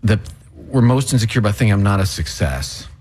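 A man's voice: on the low side, sing-song, a little fast, a little mellow. A man hosting a radio show, chatting casually and candidly with self-deprecating humor. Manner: candid, self-deprecating, rambling when thinking aloud. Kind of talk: casual on-air banter.

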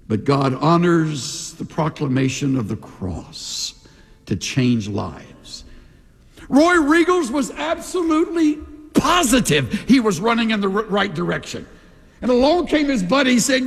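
A husky man delivers a sermon as a pastor, his voice sitting fairly high and rising and falling widely. He preaches with animated energy and slips into the voices of the people he quotes. His words ring out with a long reverb in a large church hall. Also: measured pace.

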